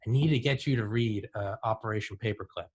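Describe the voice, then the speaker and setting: Animated man telling stories casually. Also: lowish voice, quick pace, breathy edge. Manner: animated storyteller, says "dude" and "like". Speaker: podcast host. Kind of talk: casual conversation.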